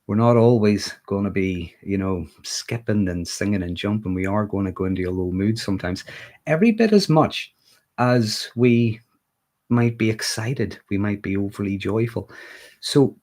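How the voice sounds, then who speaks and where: A man with a Northern Irish accent and a fairly low voice talks casually to a livestream audience. He keeps a conversational flow and checks in with a quick "okay?" as he goes. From Northern Ireland. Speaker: mental health livestreamer.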